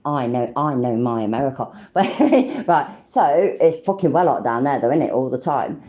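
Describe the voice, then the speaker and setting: A woman's voice: a bass voice, very animated, normal speed, mellow. A British woman hosting a casual livestream, chatting to viewers, swearing freely and laughing often. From Britain. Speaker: livestream host.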